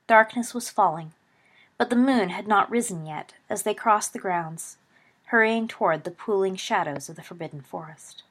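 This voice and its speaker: Woman narrating a storybook, low husky voice, steady pace. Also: normal speed.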